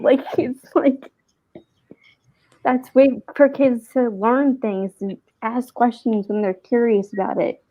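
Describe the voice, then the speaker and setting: A woman with a fairly high voice tells a story in a loose, rambling way, full of fillers. She talks over a video call, and her audio comes through dull and lo-fi. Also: steady tone, slow pace. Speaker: guest co-host. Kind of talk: casual storytelling on a live stream.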